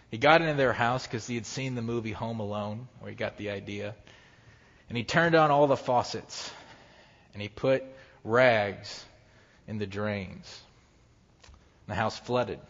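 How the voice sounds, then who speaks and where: Preaching a sermon, a man with a mid-range voice tells a story as an animated storyteller, acting out the voices of the people in it. The sound is dull, with a long hall reverb.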